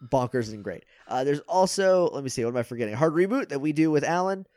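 Podcast guy chatting away about his shows, slightly high voice, dry close mic. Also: lively intonation, darkish tone, no room sound. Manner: chatty, plugging his shows with quick asides and laughs. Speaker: podcast guest. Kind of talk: casual podcast chat.

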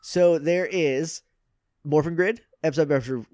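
A man guest on a podcast, chatting casually and plugging his shows with quick asides. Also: a little high, darkish tone, no echo, clean studio sound.

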